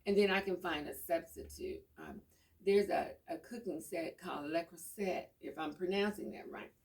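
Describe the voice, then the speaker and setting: Casting: middle-aged woman, low gravelly voice, easygoing home chat, mic set back. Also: normal speed. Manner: rambling, homey storytelling. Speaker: vlogger. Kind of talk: casual chat. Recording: voice a bit far from the mic.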